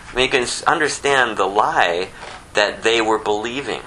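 A man leading an informal Bible study, teaching a small group with animated storytelling and sudden emphatic bursts. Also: fairly low pitch, moderate pace, slight background noise, poor audio.

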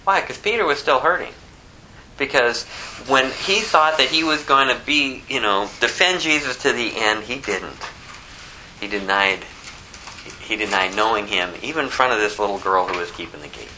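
Guy preaching a sermon, really bright edgy voice, gets loud then drops way down quiet, bit of hiss. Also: lively intonation, normal speed, poor audio. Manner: expository preaching, swinging between loud emphatic peaks and low quiet asides. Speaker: pastor.

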